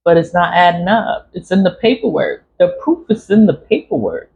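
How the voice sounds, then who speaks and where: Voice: mid-range voice, expressive, normal speed, gravelly, darkish tone. Emphatic rambling vlogger, dull lo-fi sound. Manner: emphatic, repeats herself, swears freely. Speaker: spiritual vlogger. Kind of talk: casual rambling monologue. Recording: dull lo-fi recording, faint noise.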